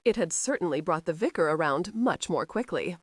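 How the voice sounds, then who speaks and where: Audiobook narrator, woman, measured, low-ish pitch, dry close sound. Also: expressive, no echo. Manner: measured storytelling. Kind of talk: scripted narration.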